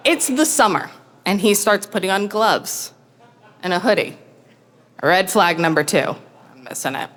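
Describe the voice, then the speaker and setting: A woman telling a true story on stage in a wry, self-mocking, animated way. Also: medium pitch, measured pace, pauses often. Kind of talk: live comic storytelling. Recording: long hall reverb.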